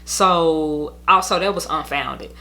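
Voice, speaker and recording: A woman's voice: sits low, slow pace, pushed and bright. A young woman telling her custody story in a casual storytime monologue, blunt, heated and profane, rambling as she goes.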